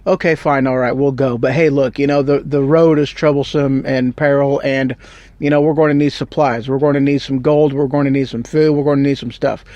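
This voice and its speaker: A man's voice: medium pitch, steady tone, a little fast, darkish tone, no echo, muffled recording, close to an everyday voice. A man voicing a shrewd prophet who casually bargains for supplies in a retold Bible story. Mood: bargaining.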